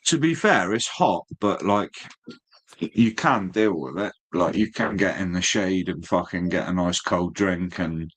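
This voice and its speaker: A man's voice: sits low, measured pace, fairly bright tone. A man chatting casually as a stream host, laid-back, swearing freely and calling people mate. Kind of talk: casual chat.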